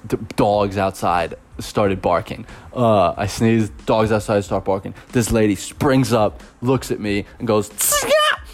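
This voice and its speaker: A man's voice: lowish voice, a little mellow. A young man who teaches abroad, casually telling a rambling story with lots of fillers and chuckles.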